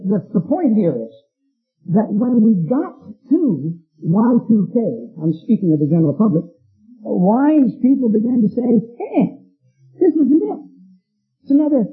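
A man's voice: high voice, slightly rough. A man preaching at an evening Bible study in a church room, teaching conversationally and putting questions to the congregation. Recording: tinny phone-like lo-fi recording, faint music.

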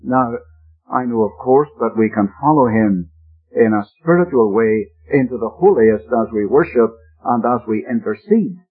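A man's voice: mid-range voice, moderate pace, breathy edge. A man preaching a Bible-teaching sermon on the radio, earnest and emphatic as he explains the text. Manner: earnest, emphatic expository delivery. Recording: narrow-band old radio broadcast.

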